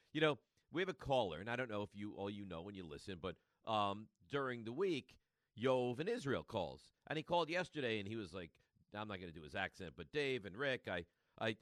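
A man's voice: mid-range voice, a bit bright, dry recording. A man hosting a sports talk radio show, delivering an emphatic monologue and repeating his points for effect.

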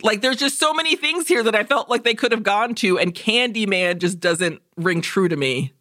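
This woman speaks at medium pitch and a normal pace, in studio-quality audio without echo. She co-hosts a podcast, casually retelling a movie with lots of profanity and jokey impressions of the characters' lines.

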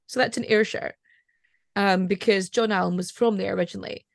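A woman's voice: medium pitch, fairly even intonation, fairly quick, creaky, no echo, studio quality. A Scottish woman hosting a podcast in casual chat. She is chatty and digressive and laughs often. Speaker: podcast host.

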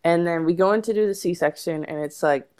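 A woman's voice: lowish voice, a little fast, smooth. A woman guest telling a long story in casual podcast chat, laughing often and acting out what people said. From United States. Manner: animated, laughs often, acts out quotes.

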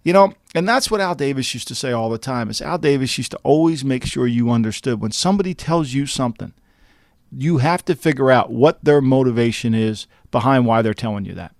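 Guy on a sports podcast, mid pitch, super dry close sound, keeps asking are you kidding me type stuff. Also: a little fast, no echo. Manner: animated, rhetorical, laughing asides. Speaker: podcast co-host. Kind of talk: casual sports talk.

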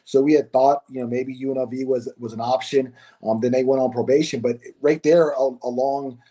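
A man's voice: medium pitch, steady tone, brisk, warm tone. A man who played college basketball, guesting on a podcast and chatting casually, often repeating words as he thinks. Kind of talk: casual interview.

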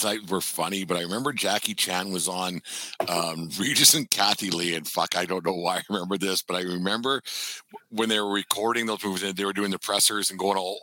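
This is a man co-hosting a podcast, telling rambling stories and swearing freely. His voice sounds very sharp and tense. It is recorded dry, close to the mic. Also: low-pitched, dry recording. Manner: rambling, profane storyteller. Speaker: podcast co-host. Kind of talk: casual sports banter.

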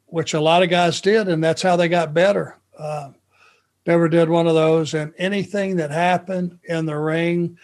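A middle-aged man from Georgia, a former wrestler telling road stories in a relaxed, anecdotal way. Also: a little high. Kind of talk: podcast storytelling.

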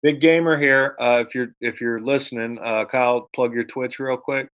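A man's voice: medium pitch, fairly even intonation, moderate pace, a bit bright. An adult man co-hosting a podcast in casual chat, wry and rambling, with some swearing. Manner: wry, rambling banter with profanity. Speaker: podcast co-host.

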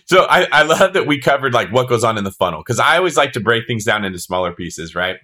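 A man hosting a podcast interview, talking in an energetic way as he breaks ideas down into smaller pieces. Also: medium pitch, fast. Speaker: podcast host.

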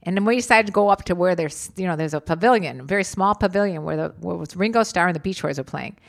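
Animated woman telling a story. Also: lowish voice, fast talker, vocal fry. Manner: animated storytelling, swears, repeats "oh my God". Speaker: storyteller in a casual two-person chat. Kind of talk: casual chat.

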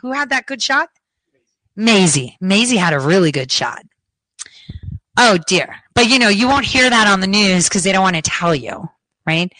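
Sarcastic woman host, keeps giggling, bright voice, dry close sound. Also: mid-range voice, animated, moderate pace, dry recording, rough recording. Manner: giggly, keeps breaking into laughter; blunt and sarcastic, swears. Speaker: commentary show host. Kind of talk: casual commentary.

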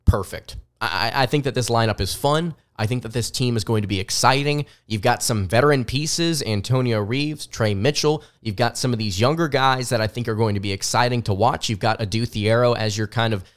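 Young male sports podcaster, mild Southern accent, smooth resonant tone, mid pitch, eager off-the-cuff delivery. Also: normal speed, few pauses. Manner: enthusiastic, repeats words when restarting. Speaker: podcast host.

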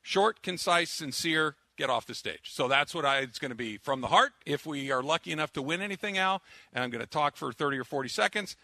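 A man's voice: a little high, lively intonation, a little fast, creaky, bright, forceful tone, dry recording. A man hosting a sports radio show, chatting loosely and joking with his co-hosts. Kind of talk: casual radio show chat.

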